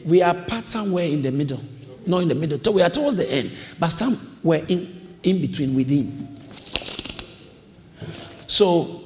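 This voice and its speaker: A man's voice: a little high, a little mellow, a little hiss or hum. A man preaching a sermon, emphatic and repetitive, calling on the congregation to repeat his lines. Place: church hall. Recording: long reverb of a large hall.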